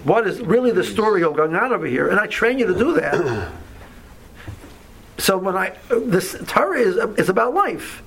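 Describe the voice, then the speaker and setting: Male teacher, slightly high and gravelly voice, halting conversational delivery, faint noise behind. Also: sing-song, a bit bright, rough recording. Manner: conversational, halting, many restarts and asides. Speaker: rabbi teaching a class. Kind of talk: informal Torah class.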